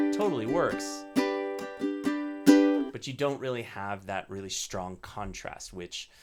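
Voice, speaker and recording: A man's voice: lowish voice, creaky. A man teaching ukulele rhythm in a casual, explanatory way, often checking in with "right?" while strumming between phrases. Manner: relaxed, explanatory, frequent "right?" check-ins. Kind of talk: casual instructional talk.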